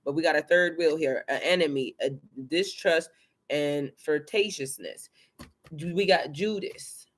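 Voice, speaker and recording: A tarot reader and spiritual coach gives a casual live card reading, excitable and chatty, swearing freely as she talks to viewers and a helper. Her pitch is medium and her pace a little slow.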